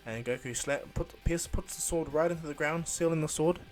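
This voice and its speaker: A man casually improvising a fan story retelling, rambling and halting with fillers. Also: a little high, soft background music.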